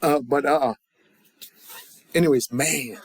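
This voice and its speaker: A man teaching a casual grammar lesson, talking in halting starts and restarts with fillers and joking asides. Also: mid-range voice, slightly rough, no echo. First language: English. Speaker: language teacher.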